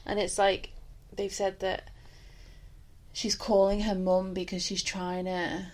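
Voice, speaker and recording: Flat-voiced young woman chatting. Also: mid-range voice, takes it slowly. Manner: flat-toned, conversational, uses "innit" and "like". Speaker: podcast co-host. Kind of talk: casual podcast chat.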